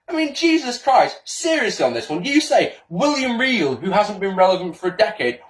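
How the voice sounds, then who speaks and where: A man's voice: sits high, sing-song, fairly quick, hardly any pauses. A man, a wrestling YouTuber, ranting indignantly and sarcastically in a response video, swearing often, recorded in a small room. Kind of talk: combative response-video rant.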